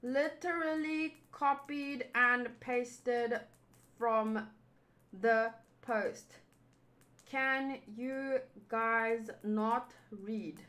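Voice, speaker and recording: A woman voicing the gruff, cookie-hungry male monster with a growly, grumbling delivery. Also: on the high side, very slow, fairly bright tone, voice pushed down.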